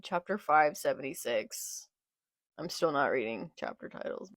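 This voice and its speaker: A woman's voice: low voice, expressive, a little slow, dry recording, studio quality. A young woman reacting live as she reads a manga, murmuring along and bursting into anguished outbursts. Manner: emotional, swings from murmured reading to anguished outbursts.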